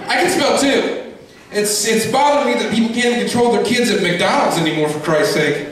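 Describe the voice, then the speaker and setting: A man's voice: sits high, expressive, a little fast, a bit bright. A man doing a stand-up comedy set on a club stage, ranting grumpily and crudely. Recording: echoey club from far off.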